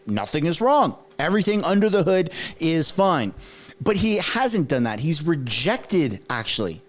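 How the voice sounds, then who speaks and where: Animated male political commentator, native French. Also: on the high side. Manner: animated, conversational, frequent "right?" asides; acts out quoted speech in put-on voices.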